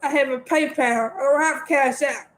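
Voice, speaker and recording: A woman's voice: high-pitched, moderate pace, fairly bright tone, poor audio. A woman ranting on a livestream, defiant and repeating herself. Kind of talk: livestream rant.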